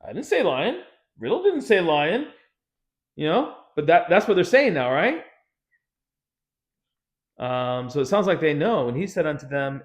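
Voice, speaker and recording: Lively, joking man pastor. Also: fairly high pitch, unhurried, long pauses. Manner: jokey, conversational, sarcastic asides. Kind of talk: casual Bible study teaching.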